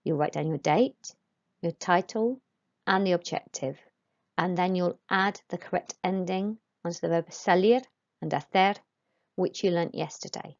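Lowish-voiced woman teacher, muffled sound. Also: unhurried. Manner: clear, patient instructions with Spanish modelled aloud. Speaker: Spanish teacher. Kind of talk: recorded online lesson.

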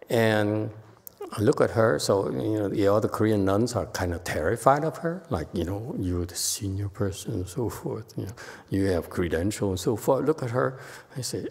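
A man's voice: on the low side, moderate pace, creaky, husky, long reverb tail. A man, a Buddhist monk, giving an informal sutra lecture and acting out the people in his stories. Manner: animated storytelling, acting out quotes. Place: temple lecture hall.

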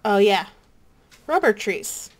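A woman hosting a gaming channel, chatting casually and excitably as she plays alongside a partner. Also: mid-range voice, takes it slowly. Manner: bubbly, excitable, chatters to herself. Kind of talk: casual gameplay chat.

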